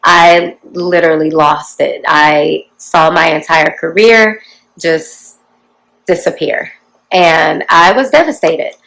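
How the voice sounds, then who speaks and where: A woman in her forties with a slightly low voice talks straight to her viewers and tells her own story. Her delivery is chatty and confiding, like a casual vlog. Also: takes it slowly, gravelly, a bit bright, rough recording. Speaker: vlogger telling her life story.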